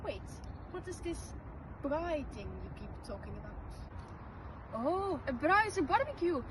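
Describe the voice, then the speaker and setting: A woman's voice: sits high, big pitch swings, a little slow. A girl playing a bubbly chatterbox outdoors. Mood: excited. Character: chatty curious girl in a school skit. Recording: distant mic with loud street noise.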